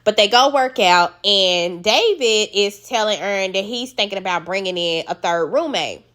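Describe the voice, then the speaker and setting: A woman's voice: medium pitch, normal speed. Blunt profane woman recapping a show. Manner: blunt, profane and animated, mimics people. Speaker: recap host. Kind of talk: casual reality-show recap commentary.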